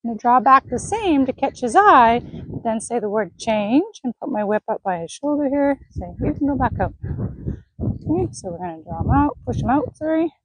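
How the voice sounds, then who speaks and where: Woman, horse trainer, higher voice, breathy, dry close sound, gentle praise and calm explaining. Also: a little fast, dry recording, rough recording. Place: outdoor riding arena.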